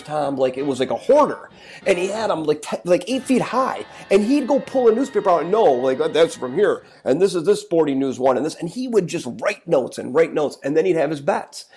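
A man's voice: high voice, animated, quick pace, mellow, soft background music. A man telling a rambling story in casual chat, with many restarts as he goes. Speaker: podcast co-host.

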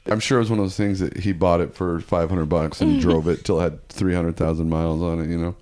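A man's voice: low voice, steady tone, fast, dark tone. A man as a podcast guest, telling a casual, profane story that rambles and restarts often.

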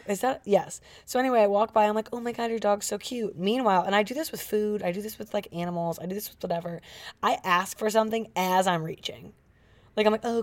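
A woman's voice: mid-range voice, a little mellow. A woman co-hosting a podcast, telling stories in a chatty way, laughing often and saying "like" a lot. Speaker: podcast co-host. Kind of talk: casual chat.

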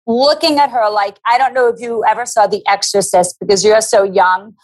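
A woman's voice: mid-range voice, moderate pace, poor audio. A middle-aged woman telling a story to a podcast host in casual chat, acting out the quoted voices as she goes. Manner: animated, acts out quoted voices. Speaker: guest.

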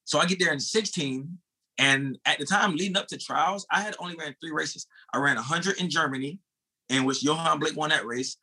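A man in his thirties from the United States, a former sprinter telling a race story in animated, casual talk, swearing and calling the host bro. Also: a little high, fairly quick, slightly rough.

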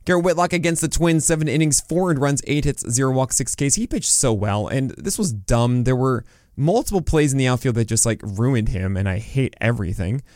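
A man's voice: mid-range voice, dry recording. Chatty male podcast host, dry sound. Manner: chatty, animated, self-mocking asides; rattles off stat lines in quick lists. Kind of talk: casual podcast talk on fantasy baseball.

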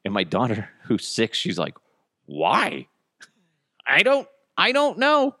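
A man's voice: on the high side, wildly swooping pitch, moderate pace, pushed and bright, no echo, studio quality. A man in his thirties hosting a casual solo podcast, rambling and cursing with self-mocking humor. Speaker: podcast host. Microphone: headphones and studio mic.

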